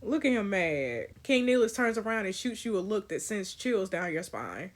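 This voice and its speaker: A woman's voice: medium pitch, very animated, normal speed, hardly any pauses, fairly bright tone. A woman reading an interactive story game aloud with playful, slangy commentary.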